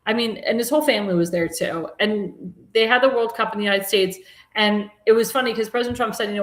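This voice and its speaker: A woman hosts a live political talk show, chatting in a rambling way full of restarts and fillers and turning mocking and indignant about politics. Her mid-range voice moves fast, in an echoey room.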